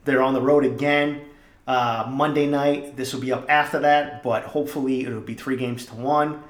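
A man's voice: medium pitch, normal speed. Profane storytelling man in an echoey room. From Boston area. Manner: animated, profane, jokey storyteller. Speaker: podcast host. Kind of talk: casual storytelling monologue.

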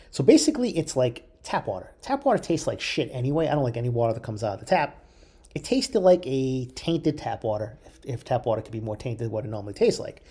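A man telling a long personal story in a casual, profane way, acting out the people in it. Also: mid-range voice. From Italian heritage, US. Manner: profane, animated, quotes others in voices.

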